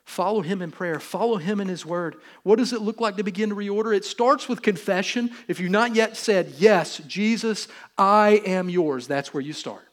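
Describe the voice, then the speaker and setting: A man's voice: high-pitched, a little fast, few pauses. A male pastor with a Southern US accent giving a sermon in a conversational, joking way, acting out little quotes. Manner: conversational, jokey, acts out quotes.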